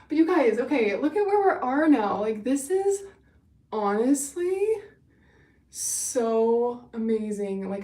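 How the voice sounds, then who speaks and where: A woman's voice: a little high, a little mellow, recorded from a distance. A young woman hosting a casual livestream, bubbly and gushing as she chats with viewers, a little winded. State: winded from running. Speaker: livestream host. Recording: echoey room, away from the mic.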